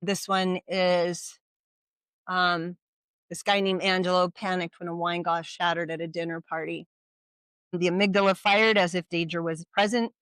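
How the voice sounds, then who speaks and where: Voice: mid-range voice, little pitch movement, normal speed, fairly bright tone, clean tone, no room sound. Chatty workshop presenter, dry close sound. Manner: conversational, with frequent rhetorical questions and audience check-ins. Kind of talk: informal educational talk. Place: community event at a brewery.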